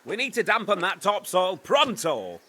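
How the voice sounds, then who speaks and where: A man voicing a crude workman in a cartoon game, bawdy and brisk. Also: sits high, huge pitch swings, pushed and bright, slight background noise, heavily acted. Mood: gruff.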